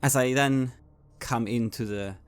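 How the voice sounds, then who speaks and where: A man playing his character in a tabletop game, calmly describing his actions. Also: medium pitch, measured pace, clear, resonant tone. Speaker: player.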